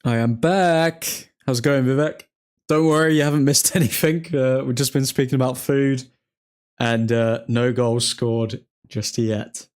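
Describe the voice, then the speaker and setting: A young man of middle pitch hosts a livestream in a loose, chatty way. He mixes match reactions with easy replies to his viewers. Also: fairly even intonation, measured pace, clean tone. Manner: chatty, reacting to the game and replying to chat. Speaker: livestream host. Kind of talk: casual live match commentary with viewers.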